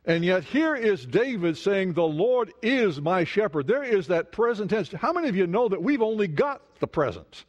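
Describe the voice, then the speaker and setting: Male pastor, fairly high voice, conversational sermon, slow emphatic stresses, long hall reverb. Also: big pitch swings, lo-fi sound. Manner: conversational preaching with questions to the congregation.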